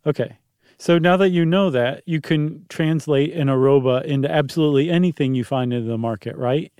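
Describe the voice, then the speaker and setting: A man co-hosting a podcast with a fairly high voice and a playful, teasing way of talking. He chats casually and throws in quick jokes. The sound is dry and close, straight into a studio microphone. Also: a little mellow, smooth, no echo. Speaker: podcast co-host.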